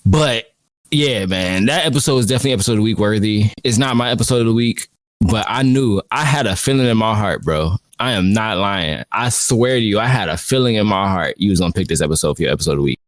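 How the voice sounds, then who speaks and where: Laid-back low-voiced podcast co-host. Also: male voice, fast talker, no echo. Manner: laid-back, slangy, says "bro" often. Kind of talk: casual podcast chat.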